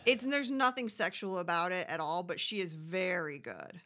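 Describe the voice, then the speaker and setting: A woman's voice: fairly low pitch, expressive, moderate pace, fairly bright tone. A woman co-hosting a casual chat, recapping a show with sarcastic asides. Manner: chatty, sarcastic, acts out quotes in squealy voices. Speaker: podcast co-host recapping a reality show.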